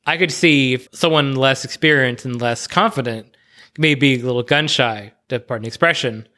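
A man's voice: mid-range voice, bright, forceful tone. A man on a podcast giving his opinions on a wrestling match in casual, opinionated talk that speeds up in bursts. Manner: chatty opinionated analysis, quickens in bursts. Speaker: podcast co-host. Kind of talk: casual discussion.

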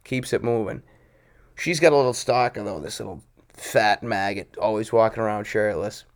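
A man's voice: fairly low pitch, moderate pace. Male co-host, casual chat, cusses constantly, acts out voices in his stories, petty and combative. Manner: petty and confrontational. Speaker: podcast co-host.

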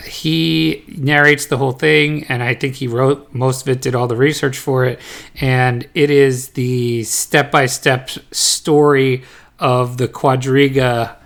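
A young man co-hosting a casual podcast, talking in a relaxed, measured way with fillers. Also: mid-range voice, gravelly. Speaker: podcast co-host. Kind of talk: casual chat.

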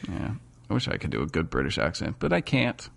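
A man's voice: low-pitched, huge pitch swings, a little fast, creaky. An American man co-hosting a podcast, rambling and self-mocking in casual chat about shows and books. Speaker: podcast co-host.

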